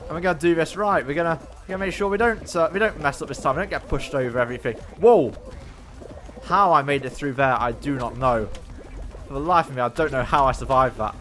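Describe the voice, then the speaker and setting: A man giving excitable, self-mocking running commentary on his own gameplay as a gaming YouTuber. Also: a little high, fast, slight background noise.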